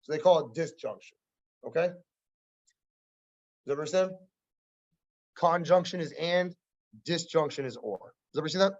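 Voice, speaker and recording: A man's voice: fairly high pitch, normal speed, pauses often, a little mellow. A male math teacher lecturing a class in a casual, conversational way, often checking whether students follow. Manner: conversational, keeps checking understanding, wry asides. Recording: dull lo-fi classroom recording.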